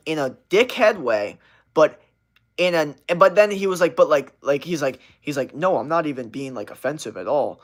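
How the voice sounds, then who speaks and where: Young dude on a livestream, kinda higher voice, tons of "like" and cussing, rambly casual storytelling. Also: male voice, a bit bright. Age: young adult. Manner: rambling and profane, heavy use of "like".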